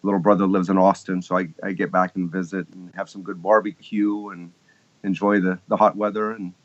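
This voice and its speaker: A man's voice: low-pitched, little pitch movement, a little fast. A man in his fifties from Texas, a guest musician telling stories in a casual interview, rambling and chuckling with many restarts. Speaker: guest keyboardist. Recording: slightly muffled lo-fi audio.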